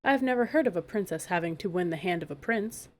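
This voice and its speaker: A woman's voice: fairly low pitch, lively intonation, fast, darkish tone, lightly acted. A woman reading aloud, voicing a clever, spirited young princess in a storybook.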